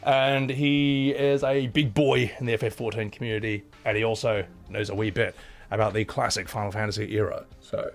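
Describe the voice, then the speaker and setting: A man with a Scottish accent chatting casually on a live stream, blunt and sweary, thanking viewers between rants. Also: mid-range voice. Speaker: livestreamer.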